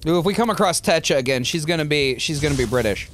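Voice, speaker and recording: A gameplay streamer giving excitable, casual commentary full of quick yelps. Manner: excitable, with yelps and a wide pitch swing. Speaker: gameplay channel host.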